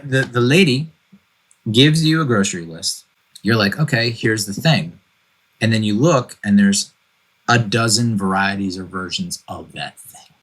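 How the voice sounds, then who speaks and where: A man's voice: fairly low pitch, fairly bright tone, husky, rough recording. A man in his forties hosting a podcast, telling a family story in casual chat with exasperated, jokey asides. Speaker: podcast host.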